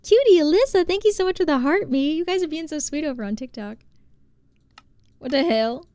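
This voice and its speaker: A woman from New Jersey, live streaming and chatting casually while she plays, reading out and thanking her chat, quick to exclaim. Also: high-pitched, lively intonation, warm tone, no room sound.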